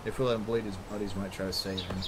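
A man on gaming voice chat as a squad teammate, lively and quick to hype kills. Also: a crowd in the background. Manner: lively, swinging pitch, hyped bursts. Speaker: squad teammate in a survival game.

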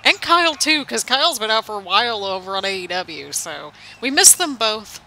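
A woman's voice: medium pitch, sing-song, moderate pace, sharp tone, slight background noise. A young woman hosting a gaming channel, chatting casually and rambling as she comments on a wrestling game. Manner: chatty, rambling, laughs often. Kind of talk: casual let's-play commentary.

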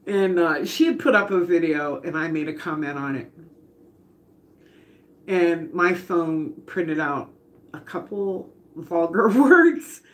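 A woman's voice: on the low side, expressive, slow. A woman hosting a casual live cooking stream from her home kitchen, chatty, laughing often and greeting viewers by name. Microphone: phone camera.

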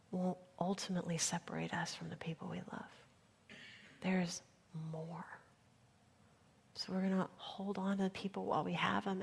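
A woman pastor with a fairly low, gravelly, husky voice delivers an earnest sermon, often dropping to a soft near-whisper for emphasis.

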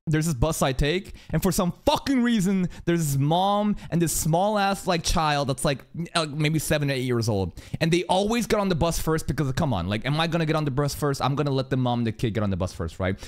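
A man's voice: on the high side, brisk, hardly any pauses. A man reacting to an anime episode in casual commentary, swearing freely and drifting into long rambling stories. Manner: profane, rambling tangents, animated storytelling.

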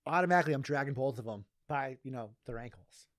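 Rambling comedian from Massachusetts, laughing often. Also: male voice, mid-range voice, fast talker, no room sound, studio quality. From Massachusetts, USA. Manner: rambling, laughs often, many "you know what I mean". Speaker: comedian guest. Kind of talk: casual podcast storytelling.

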